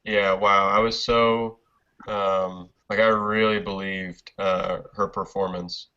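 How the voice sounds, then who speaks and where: A man's voice: sits low, level tone, takes it slowly, sharp tone, smooth. A man in a casual film discussion, hesitant and searching for words. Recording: dull lo-fi recording.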